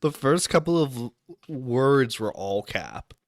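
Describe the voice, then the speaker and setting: A man at a middle pitch hosts an online talk show, cracking blunt jokes and laughing through his commentary on community drama. His voice sounds dry and close to the mic. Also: expressive, slow, no room sound. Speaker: internet radio host.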